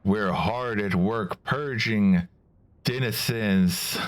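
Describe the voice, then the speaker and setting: A man voicing a haughty, threatening monster minion with a lolling tongue, sent by a dark lord. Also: lowish voice, extremely slow. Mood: menacing.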